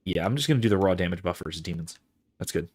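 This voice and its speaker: Low-voiced man chatting over gameplay. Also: lively intonation, rapid-fire, a little mellow, slight background noise. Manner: chatty, reads chat aloud, muses over skills. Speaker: game streamer. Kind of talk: casual gameplay commentary.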